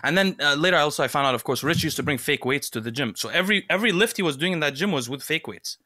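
A man co-hosting a casual podcast chat, telling stories in an animated way and laughing often. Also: fairly high pitch, rapid-fire, no echo. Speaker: podcast co-host.

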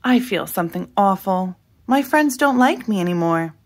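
A woman's voice: mid-range voice, animated, normal speed. A woman voicing an earnest, candid young girl in a read-aloud storybook, speaking in a pleading, sincere way.

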